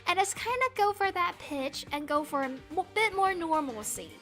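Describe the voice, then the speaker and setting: A woman from Asia chatting casually on a livestream, self-deprecating and quick to laugh. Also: extremely high pitch, animated, pushed and bright, soft background music. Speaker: streamer.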